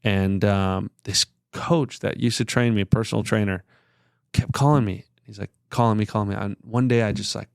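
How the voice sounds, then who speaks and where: A man's voice: lowish voice, steady tone, normal speed, gravelly, smooth, dry recording, studio quality. A man in his thirties, a podcast guest, sharing a personal story in an earnest, rambling way with many filler words. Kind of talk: candid conversational storytelling.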